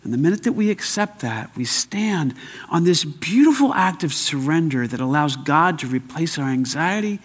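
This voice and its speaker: An older man preaching a sermon as pastor, emphatic, swinging between loud and hushed. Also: a little high, animated, moderate pace, husky. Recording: long hall reverb.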